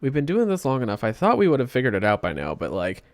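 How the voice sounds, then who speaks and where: A man's voice: mid-range voice, wildly swooping pitch, fast, no echo. A young man streaming a game, bantering casually with a co-host in a teasing, dramatic way.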